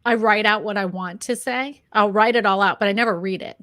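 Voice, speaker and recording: A woman co-host with a medium-pitched voice, talking in a chatty and self-deprecating way. She laughs easily as she talks. Her voice sits close and dry, with no room sound. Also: fairly even intonation, a little fast, pushed and bright, no room sound. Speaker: co-host, real estate agent and YouTuber. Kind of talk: casual chat.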